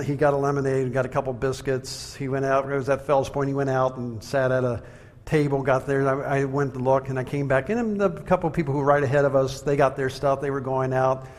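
A man preaching a sermon in a conversational, animated way, telling stories and acting out the quotes. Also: medium pitch. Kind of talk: sermon with storytelling. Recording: long hall reverb.

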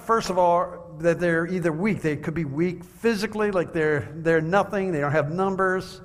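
A man preaching a sermon, measured and earnest, asking his listeners rhetorical questions. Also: high voice. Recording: long hall reverb.

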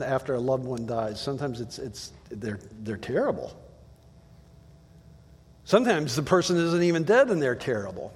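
A man's voice: on the high side, big-room sound. A male pastor giving a conversational sermon, telling stories in a plain way with asides to the listeners.

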